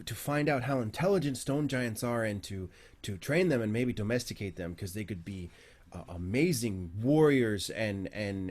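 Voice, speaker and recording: A man's voice: medium pitch, a little mellow, pitched above the performer's own voice, lightly acted. A man voicing an eccentric, jittery bird-man who tames giants, stammering and repeating himself.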